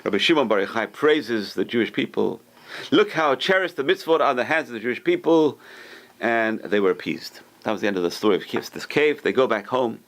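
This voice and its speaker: A man, a rabbi teaching a Torah class to a live group, who tells stories in an animated way, acts out the quoted speech with sudden high lifts, and puts questions to the listeners. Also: fairly quick. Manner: talks to the room, asks listeners questions.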